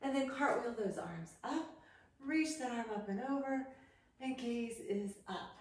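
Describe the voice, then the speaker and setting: A woman leading a yoga class, calmly cueing poses, counting holds and reminding the class to breathe. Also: a little high, a little slow. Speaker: yoga instructor. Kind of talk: guided yoga class instruction. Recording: very echoey room, voice from a distance with faint noise.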